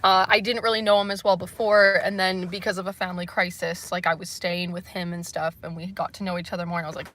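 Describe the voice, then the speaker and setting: Chatty young Canadian woman, bright voice. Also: mid-range voice, steady tone, a little fast, no room sound. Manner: rambling, laughing often, lots of "like". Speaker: livestream host. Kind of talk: casual livestream chat, reading comments.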